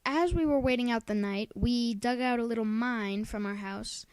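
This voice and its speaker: A woman's voice: on the high side, moderate pace, clean tone, no echo. A woman narrating a game tutorial in casual, upbeat, explanatory commentary.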